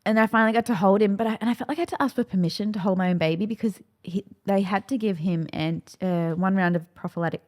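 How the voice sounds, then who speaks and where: A woman's voice: medium pitch, fast, hardly any pauses, a little mellow. Woman telling a candid birth story. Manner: emotional, acts out quoted dialogue. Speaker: podcast guest, clinical nutritionist.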